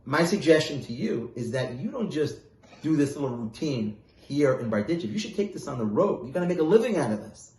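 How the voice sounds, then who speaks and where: A man's voice: a little high, very animated, fairly quick, roomy sound. A man doing a kindly old jovial rabbi. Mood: delighted. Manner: gentle, smiling, coaxing. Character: kindly elderly male rabbi, jovial and forgiving.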